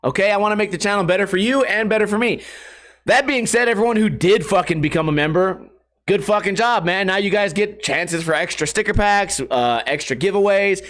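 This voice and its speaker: A young adult man who makes skateboarding videos on YouTube rants on a casual podcast, profane and exasperated. His voice sits high and a bit bright, he talks briskly, and he puts on mocking voices whenever he quotes people.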